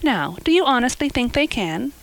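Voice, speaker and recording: A woman's voice: high-pitched, sing-song, moderate pace, dry recording, voice pushed up, poor audio. A woman voicing a chatty, imaginative orphan girl in an audiobook, eager and gushing. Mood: reproachful. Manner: eager, gushing, rising and falling. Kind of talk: audiobook character voice.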